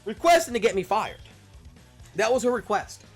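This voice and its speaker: High-voiced profane male streamer. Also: normal speed, soft background music. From Louisiana. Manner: profane, animated, yelling at the game. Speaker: streamer and podcast host. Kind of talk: casual chat while gaming on stream.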